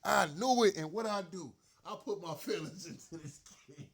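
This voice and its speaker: Speaking at normal speed in a fairly high voice with a breathy edge, a man rants on his own sports show as a frustrated fan. He is upset, swears and uses slang, repeats himself, and laughs in disbelief.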